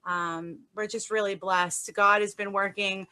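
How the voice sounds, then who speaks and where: A woman's voice: mid-range voice, steady tone, measured pace, sharp tone. A woman as a guest on a radio talk show, speaking casually and laughing easily. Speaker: guest, documentary maker.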